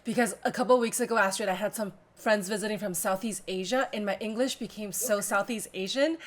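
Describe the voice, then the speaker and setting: A woman's voice: mid-range voice, fairly quick. A woman co-hosting a podcast, asking eager questions in a casual, laughing way. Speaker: podcast co-host. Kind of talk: casual conversation.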